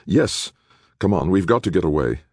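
A man's voice: low voice, expressive, normal speed, darkish tone, husky, no room sound, studio quality, pitched above the performer's own voice, full character voice. A man playing a determined man on the run who gives urgent, commanding orders.

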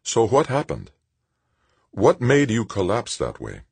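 A man voicing a cool, composed nun who speaks softly and calmly. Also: medium pitch, measured pace, creaky, husky, dry recording, voice pushed up, exaggerated voice. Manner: soft, calm, coaxing. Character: cool, composed nun, soft-spoken woman.

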